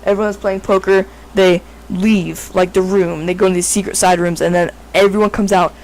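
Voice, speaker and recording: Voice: mid-range voice, little pitch movement, brisk, darkish tone, low-quality recording. Casual improvised storytelling, rambling, lots of fillers, frequent self-corrections.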